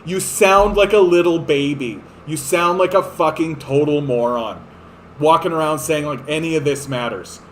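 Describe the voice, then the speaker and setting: A man's voice: a little high, normal speed, slight background noise. A man giving a sarcastic, profane, exasperated rant of political commentary. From Canada.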